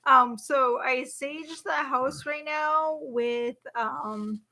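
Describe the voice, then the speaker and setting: A woman with a slightly high voice co-hosts a live question-and-answer stream. She talks in a relaxed, chatty way and reads listener questions aloud. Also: extremely slow. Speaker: podcast co-host. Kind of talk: live Q and A chat.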